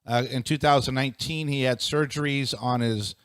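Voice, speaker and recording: A man co-hosting a talk show, answering the host in a measured way with fillers. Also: mid-range voice, fairly even intonation, a bit bright, clean tone, no room sound. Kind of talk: casual talk show banter.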